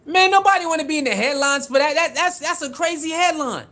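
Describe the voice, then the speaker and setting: Animated high-voiced man riffing to viewers. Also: fast talker. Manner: animated, repetitive, talks straight to viewers. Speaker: sports commentary streamer. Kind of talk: casual reaction commentary, reading viewer comments.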